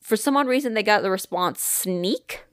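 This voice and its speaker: A woman co-hosting a podcast, telling a story in a rambling, animated way, full of "like" and casual swearing. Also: mid-range voice, moderate pace, no echo, clean studio sound. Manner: rambling, animated, swears freely, fillers like "like" and "kinda". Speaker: podcast co-host.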